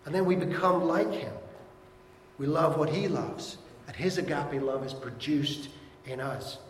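A middle-aged man with a slightly high voice preaches in a church, teaching earnestly and slowing down to read verses aloud. His voice rings through a roomy hall with a long reverb tail, over a faint background hum. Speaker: pastor. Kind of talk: sermon.

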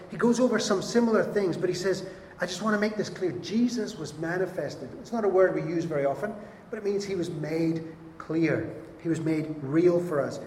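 A man's voice: a little high, a little mellow, a little hiss or hum. A man preaching a sermon, earnest and emphatic, often repeating his points. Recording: echoey hall with long reverb.

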